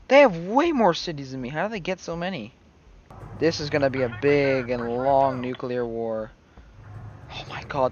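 A man giving let's play commentary, excitable, swinging between low mumbling and sudden yells. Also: highs cut off, slight background noise. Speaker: gaming channel host.

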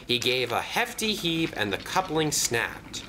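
A man narrating a children's toy train story in an expressive storybook style. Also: medium pitch, measured pace, background noise. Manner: lively, expressive.

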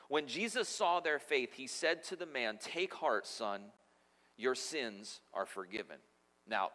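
A man preaching a sermon as pastor, telling scripture stories with lively acted-out voices. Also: mid-range voice, long reverb tail. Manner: animated storytelling, acting out voices in scripture scenes. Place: church sanctuary.

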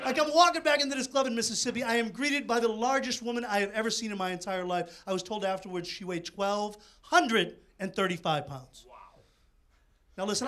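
A man from doing a brash, fast-talking stand-up comedy set on a TV studio stage. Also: high voice, a bit bright, slight background noise. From Boston, USA. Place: TV studio stage with live audience.

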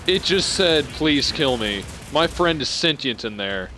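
A young man giving live commentary on a video game he is playing, excitable and swearing as he reacts out loud. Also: fairly high pitch, measured pace, soft background music. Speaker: gameplay streamer. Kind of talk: live let's-play commentary.

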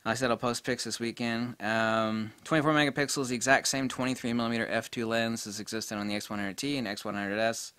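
Blunt, excitable middle-aged man. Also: mid-range voice, quick pace, hardly any pauses, clean tone, dry recording. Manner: blunt, excitable, peppered with mild swearing. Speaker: camera reviewer. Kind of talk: casual spoken product review.

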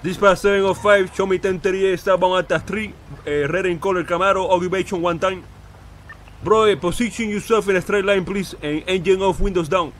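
A fast-talking cop with broken English and a heavy accent, as a man puts him on. He peppers his talk with Spanish words, high-pitched and quick in a role-play game. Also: fairly even intonation, fairly bright tone, a little hiss or hum. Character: boastful immigrant cop, broken English, male adult. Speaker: police officer.

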